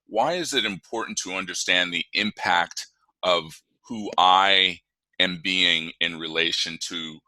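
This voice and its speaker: A male podcast host with a very low voice and a sharp, forceful tone. He asks his guests questions hesitantly, circling back as he searches for the words, in a dry-sounding recording. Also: a little slow, no echo. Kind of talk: interview questions.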